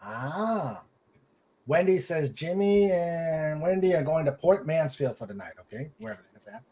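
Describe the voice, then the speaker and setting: A man's voice: fairly high pitch, sing-song, normal speed, dark tone. A man hosting a casual podcast, reading chat comments aloud and laughing often.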